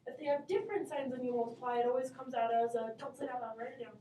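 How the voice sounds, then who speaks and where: A woman's voice: sits high, racing, mellow, slight background noise. A woman math teacher teaching her class, upbeat and encouraging, calling on students by name. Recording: echoey classroom from far off.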